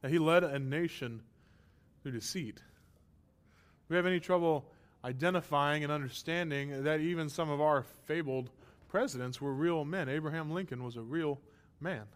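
A man's voice: fairly high pitch, normal speed. A man preaching a sermon as pastor, emphatic and impassioned, asking rhetorical questions, his throat a little strained.

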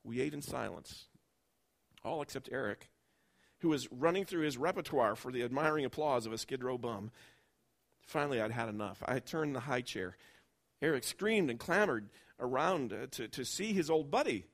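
Man reading a story in a sermon, mid voice, expressive, gets quiet and low at the moving bits. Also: normal speed, creaky. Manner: expressive storytelling, dropping soft and low at tender moments.

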